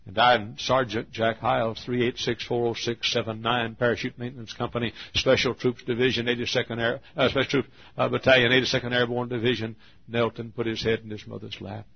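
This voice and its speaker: A man in his fifties from Texas preaching a sermon, telling a long personal story in an earnest, drawn-out way. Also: medium pitch, flat delivery, gravelly, breathy edge. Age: 50s. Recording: dull lo-fi sermon recording.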